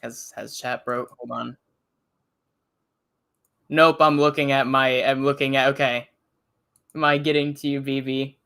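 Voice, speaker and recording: A streamer co-hosting a reaction show, telling stories in an animated, laughing way. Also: medium pitch, unhurried, creaky, long pauses, clear, resonant tone. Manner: animated storytelling, laughs often, retells others in quotes. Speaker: co-host and streamer. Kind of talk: casual chat.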